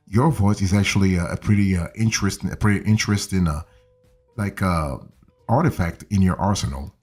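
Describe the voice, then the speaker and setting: A man's voice: sits low, darkish tone, breathy edge. A man in his seventies giving casual podcasting voice tips, coaxing listeners with a repeated "okay?". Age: 70s. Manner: conversational, repeats and restarts phrases, coaxing "okay?". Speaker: voiceover coach. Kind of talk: casual instructional talk.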